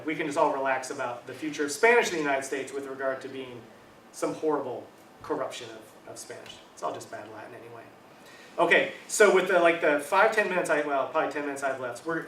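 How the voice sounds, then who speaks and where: A middle-aged man gives a relaxed academic lecture in a somewhat high voice. He talks conversationally, checks in with the audience, and stops to rephrase. He is recorded from across an echoey room, with faint room noise behind him. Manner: casual, conversational lecturing with frequent "um", "right?". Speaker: university linguistics lecturer. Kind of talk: academic talk. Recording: echoey room, mic at a distance.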